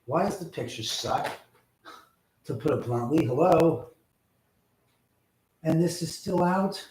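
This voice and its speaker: A man hosting a live stream, swearing in frustration at technical glitches, swinging from muttering to shouting. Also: fairly high pitch, animated, slow pace, slight background noise. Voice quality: loud profane outbursts, swinging from mutters to shouts. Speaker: livestream host. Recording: roomy echo, mic at a distance.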